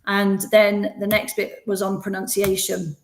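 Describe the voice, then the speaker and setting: A woman's voice: medium pitch, monotone, measured pace. A woman hosting an online session for teachers, explaining practical classroom ideas. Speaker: webinar host.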